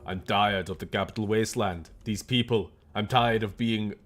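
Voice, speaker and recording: A man voicing a gloomy musclebound strongman hero in a slow, heavy, mopey delivery. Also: fairly low pitch, fairly even intonation, fairly bright tone, natural voice.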